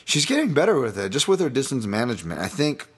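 A man's voice: medium pitch, very animated, fast, husky. A man hosting a casual solo podcast, breaking down fights in a rambling, self-deprecating way with many fillers and restarts. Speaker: podcast host, fight analyst.

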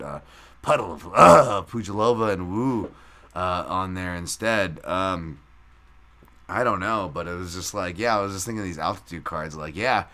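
A man's voice: lowish voice, a bit bright. A man hosting a podcast in a loose, rambling live-stream recap, reading out chat and swearing casually. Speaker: podcast host.

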